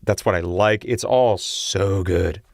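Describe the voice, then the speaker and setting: Excitable young man chatting on a stream. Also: deep voice, takes it slowly, vocal fry, no echo, clean studio sound. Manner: excitable, rambling, laughs often. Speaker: musician livestream host. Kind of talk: casual livestream chat. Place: home music studio.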